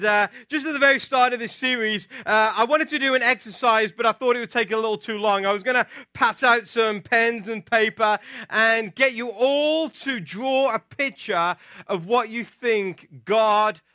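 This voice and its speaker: A man with a bright, high voice preaches to his congregation, telling a personal story with lively, animated energy. His voice sounds close and dry, with little room around it. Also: a little slow, dry recording. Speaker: pastor. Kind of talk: sermon with storytelling.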